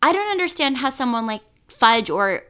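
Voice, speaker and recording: Blunt bright-voiced woman podcaster. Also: high-pitched, sing-song, moderate pace, clear, resonant tone. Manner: blunt, opinionated, swears. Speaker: podcast co-host. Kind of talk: casual chat.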